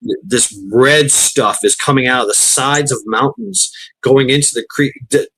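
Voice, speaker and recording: A man chats on his livestream in a loose, rambling way, swearing freely and often breaking into laughter. His voice sits at an ordinary middle pitch. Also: normal speed, a bit bright, slightly rough. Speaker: livestream host. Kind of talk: casual profane chat.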